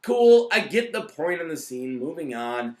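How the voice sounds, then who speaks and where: A man's voice: a little high, very animated, a little slow. A man reviewing a TV episode in a casual rant, blunt and profane, rambling with frequent restarts.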